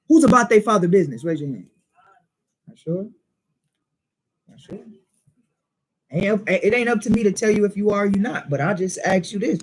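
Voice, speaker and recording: A man leading a Bible class, preaching in an animated way and firing questions at the listeners. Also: sits high.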